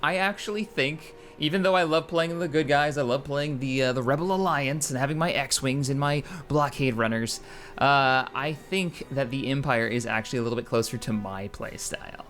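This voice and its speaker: Guy talking over his strategy game, mid pitch, gets excited, keeps restarting sentences, faint music behind. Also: normal speed. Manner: excitable, rambling, frequent self-corrections. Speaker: gaming channel host. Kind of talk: casual gameplay commentary.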